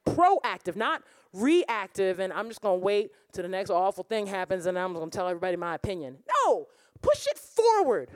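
A woman worship pastor preaching a lively sermon, laughing and breaking into song now and then. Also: medium pitch, brisk, few pauses, dry recording. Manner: animated preaching, bursts of laughter, sings lines. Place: church or conference room.

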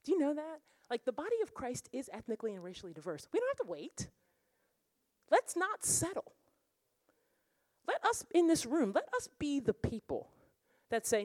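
Animated high-voiced woman preaching. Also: normal speed, long pauses, no echo. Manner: animated preaching, bursts of laughter, sings lines. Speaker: worship pastor. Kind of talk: sermon. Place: church or conference room.

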